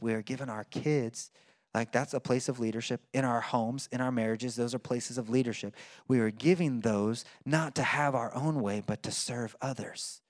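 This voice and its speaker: A man's voice: medium pitch, darkish tone, dry recording, studio quality. A man preaching a sermon in a conversational way, with fillers and restarts. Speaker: pastor.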